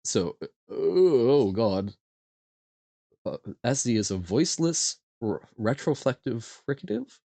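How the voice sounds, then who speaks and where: A man streaming a live quiz, thinking aloud and haltingly sounding out foreign words as he guesses. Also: medium pitch, big pitch swings, creaky, dark tone, no room sound.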